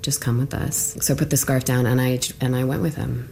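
A woman's voice: very deep voice, flat delivery, fairly quick, creaky. A woman being interviewed, casually recounting what happened to her, chatty and full of "like", acting out what people said. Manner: chatty, full of "like", acts out quotes. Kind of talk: casual recounting of personal experience.

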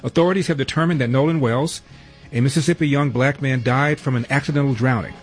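A man's voice: medium pitch, quick pace, husky, soft background music. A man hosting a talk radio show, running through headlines with wry, sarcastic asides.

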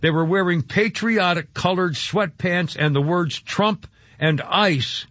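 A man's voice: high-pitched, takes it slowly, fairly bright tone, no room sound. A man hosting a talk radio show, ranting indignantly and rambling with many fillers, heard over a dull lo-fi broadcast.

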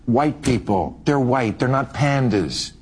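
A man's voice: medium pitch, animated, slow, background noise. A man in a played clip delivering a provocative, sardonic opinionated monologue.

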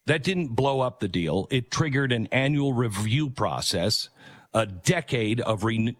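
A man's voice: medium pitch, fairly bright tone. A middle-aged man hosting a talk radio show, rambling conversationally with many fillers and restarts. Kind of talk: talk radio monologue with live ad read.

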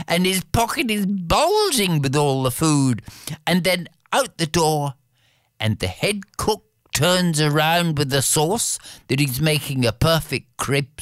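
Expressive fairy-tale storyteller, unhurried, dry close recording. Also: mid-range voice, no echo. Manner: expressive, playful, repetitive rhythms.

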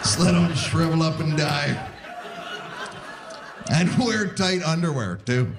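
A man's voice: a little high, takes it slowly, gravelly. A man in his forties from Canada doing a stand-up comedy set on stage, acting out the voices he quotes. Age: 40s. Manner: animated, acts out quoted voices. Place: live on stage before a theatre audience. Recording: live show with crowd noise.

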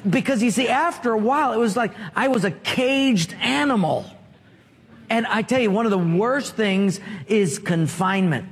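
A man's voice: high voice, a little hiss or hum. A man preaching a sermon as pastor, telling stories and asking the congregation questions. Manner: storytelling, asks the congregation questions. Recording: long reverb of a large hall.

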